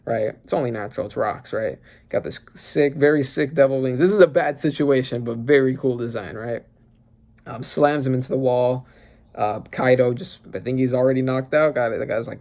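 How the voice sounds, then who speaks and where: Brief: male reaction host, mid-pitched, casual and excitable, rambles with fillers, bursts into loud cursing exclamations. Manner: excitable, exclaiming, swears freely. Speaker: manga reaction channel host.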